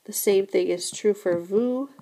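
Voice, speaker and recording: A woman teaching a recorded French lesson, explaining grammar slowly and patiently, often repeating "remember" and "so again". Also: mid-range voice, warm tone, slight background noise.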